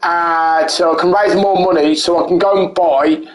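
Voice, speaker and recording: A man's voice: a little high, steady tone, moderate pace, echoey room, low-quality recording. A man giving rambling, self-correcting live commentary while he plays a game, chatting with his viewers. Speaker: streamer.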